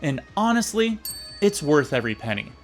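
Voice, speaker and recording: A man's voice: on the high side, very animated, normal speed, soft background music. A man casually reviewing an old episode with sarcastic, jokey asides. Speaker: video reviewer.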